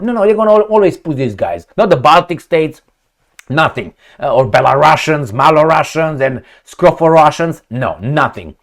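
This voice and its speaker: A man giving a sarcastic, profane political monologue to his audience. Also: mid-range voice. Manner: animated, sarcastic, profane, mocking put-on quotes. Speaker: political commentator. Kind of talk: opinionated solo monologue.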